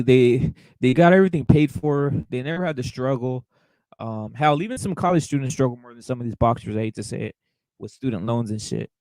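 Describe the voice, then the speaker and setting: A man hosting a boxing show rants casually in a livestream, profane, heated, and repetitive, and keeps saying "brother." His voice is mid-range and mellow. The recording is low quality with no room sound.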